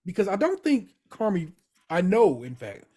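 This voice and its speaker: A man's voice: sits high, huge pitch swings, normal speed, warm tone, breathy edge. A man co-hosting a podcast, retelling scenes with emphatic energy and frequent swearing. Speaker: podcast co-host. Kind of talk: casual TV recap chat.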